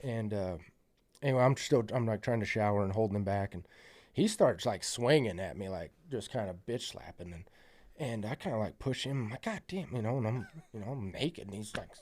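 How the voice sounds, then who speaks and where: This hunting guide from South Central Utah tells a story as a podcast guest, rambling and profane, peppering his talk with "you know" and "like" while acting out quoted lines. His voice is lowish and a little mellow, and he speaks a little fast.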